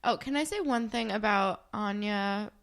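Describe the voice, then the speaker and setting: A woman's voice: medium pitch, vocal fry. Chatty young woman, emphatic podcast co-host. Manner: chatty and emphatic, quick reactions. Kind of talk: casual chat recapping a TV episode.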